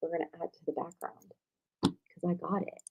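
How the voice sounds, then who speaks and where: A woman coaching online marketers in a live-streamed workshop, chatty and animated, speaking straight to her viewers and muttering to herself while she fixes her slides. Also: on the low side, racing, gravelly.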